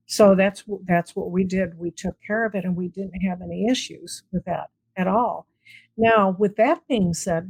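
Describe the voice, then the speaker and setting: A woman's voice: fairly low pitch, creaky, breathy edge, rough recording. A woman being interviewed as a guest who tells stories casually and brings them to life by acting out the dialogue. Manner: animated, acts out quoted dialogue. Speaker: guest, paranormal investigator.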